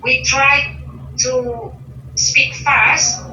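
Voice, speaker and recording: A woman talks slowly and carefully, her voice bright and sharp, stopping often to find the next word. She sounds some way off the microphone in an echoey room. The recording is muffled, with a faint hiss underneath. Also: sits high, fairly even intonation, distant mic. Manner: hesitant, searching for words, many pauses. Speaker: interview guest. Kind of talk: casual conversation about English learning.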